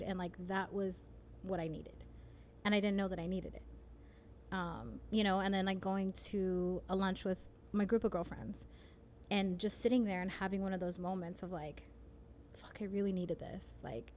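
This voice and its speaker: A woman's voice: medium pitch, a little mellow, slight background noise. A woman hosting a casual podcast conversation, telling personal stories in a frank, candid way. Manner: candid, frank storyteller with mild swearing. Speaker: podcast host.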